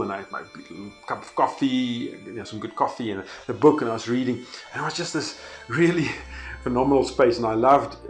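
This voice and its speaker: A man speaks earnestly in a relaxed, conversational way, sharing a personal story as a devotional reflection. His voice sits at an ordinary middle pitch, with soft music playing faintly underneath. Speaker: faith-based speaker.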